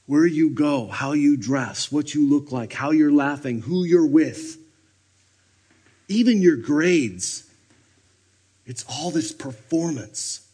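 A man giving a sermon at a retreat, animated, swinging between loud bursts and hushed near-whispers. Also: on the high side, husky. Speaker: retreat speaker. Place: retreat meeting room.

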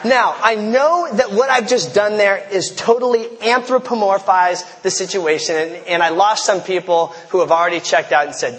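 Male pastor, casual sermon delivery with slangy asides, light high voice, hall echo. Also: normal speed, hardly any pauses, a bit bright, slight background noise. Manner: conversational, storytelling, slangy asides. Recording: long hall reverb.

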